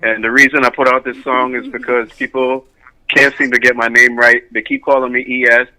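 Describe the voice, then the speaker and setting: A man's voice: mid-range voice, level tone, fairly quick, bright, forceful tone, poor audio. A man from Canada, a musician guest on a radio show, explaining things in an easygoing way. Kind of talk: casual radio interview.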